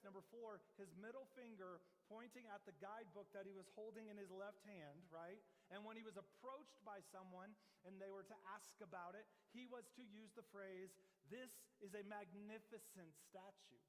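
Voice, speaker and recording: A man's voice: sits high, in a large hall. A man preaching a sermon as pastor, in a conversational, joking storytelling manner. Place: church sanctuary.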